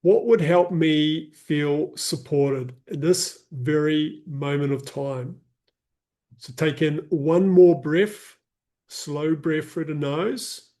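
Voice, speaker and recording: A man leading a live guided breathing session, counting breaths in a calm, soothing way and explaining the practice casually. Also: a little high, slow pace. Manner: casual explaining with fillers, reads chat comments.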